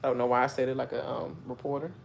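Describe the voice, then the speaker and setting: A woman's voice: rumbling low, level tone, very fast, vocal fry. A woman chatting casually on a live reaction stream, rambling with lots of fillers and asides. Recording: faint background noise.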